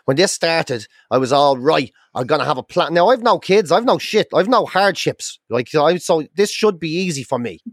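An Irish man talks in a casual chat, blunt and wry, cursing freely. His voice sits a little high for a man. The recording is dry and close. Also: expressive, moderate pace, few pauses, dry recording. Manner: blunt, swears a lot, wry.

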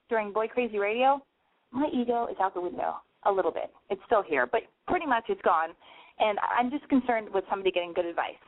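A woman's voice: medium pitch, no echo. A young woman hosting a homemade call-in advice show, rambling and cursing freely while mocking herself, her voice a little nasal from smoke. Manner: rambling, profane, self-mocking. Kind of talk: casual call-in radio monologue. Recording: dry, phone-like narrow sound.

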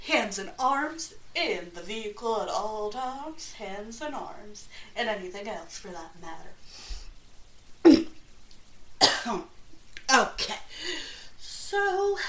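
A woman's voice: medium pitch, sing-song, slow, long pauses. A young woman hosting a casual true-crime podcast, talking in a rambling, nervous, self-deprecating way. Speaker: podcast host. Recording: echoey room.

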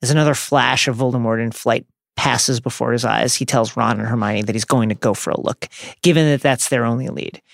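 A man's voice: mid-range voice, steady tone, fairly quick, gravelly, no echo, studio quality. A man co-hosting a podcast, recapping a book chapter as wry storytelling with playful asides. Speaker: podcast co-host.

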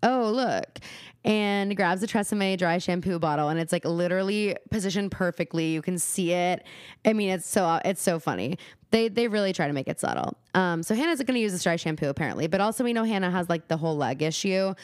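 A woman's voice: lowish voice, lively intonation, fairly quick, no echo, clean studio sound. A young woman co-hosting a podcast, chatting casually as she recaps a TV episode, acting out the characters' lines and swearing freely. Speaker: podcast co-host.

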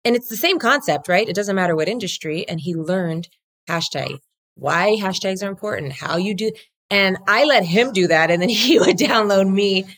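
A law firm co-founder talks as a guest in a casual interview, her medium-pitched voice animated and fairly bright at a moderate pace. She's energetic and blunt, swears now and then, and swings into acted imitations of other people.

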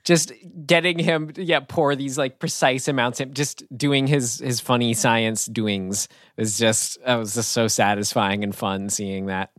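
A man's voice: medium pitch, fairly even intonation, measured pace, hardly any pauses, a bit bright, no room sound, clean studio sound. A man co-hosting a casual film podcast, talking with easy enthusiasm. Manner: enthusiastic, laughs easily. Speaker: podcast co-host. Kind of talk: casual film discussion chat.

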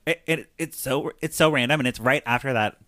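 A man casually retelling a film's plot, rambling and animated, peppering his talk with "like" and acting out the characters' lines. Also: medium pitch, fairly quick, no echo. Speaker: podcast host recapping a film.

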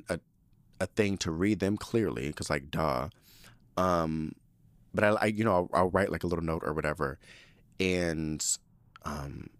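A man's voice: low-pitched, no room sound. A man hosting a podcast, reading listener letters aloud in a chatty, campy way full of fillers. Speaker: podcast host.

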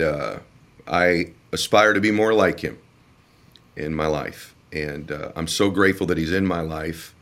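A man hosting an interview podcast, introducing his guest with emotion and halting, filler-laden praise. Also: low voice, fairly bright tone. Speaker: podcast host.

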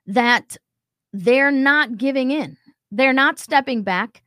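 A woman's voice: high-pitched, animated, normal speed, fairly bright tone, dry recording, some chatter behind. A woman hosting a commentary show, talking emphatically and acting out quotes as she reacts to a video. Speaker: show host.

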